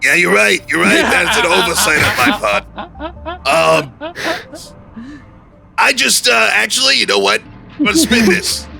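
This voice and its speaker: A man playing his character in a tabletop role-play, animated and quick to break into a rant. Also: sits high, vocal fry, music in the background. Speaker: player.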